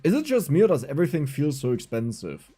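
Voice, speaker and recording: A man's voice: fairly high pitch, quick pace, slightly rough. A young man with a German accent, a German native speaker, chatting casually and rambling animatedly on his livestream while gaming. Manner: animated, rambling, frequent restarts. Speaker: streamer. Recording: faint game music behind.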